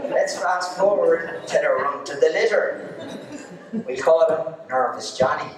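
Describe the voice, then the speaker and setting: A man's voice: on the high side, a little slow. Cheeky Irish man telling comic stories. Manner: cheeky, teasing, playful. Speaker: stand-up storyteller. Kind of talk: live comic storytelling. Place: arts centre stage. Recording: echoey hall, distant mic.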